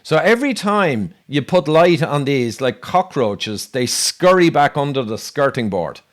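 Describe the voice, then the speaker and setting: Male host, fairly high voice, indignant and animated, interview setting. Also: a little slow. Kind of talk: conversational interview.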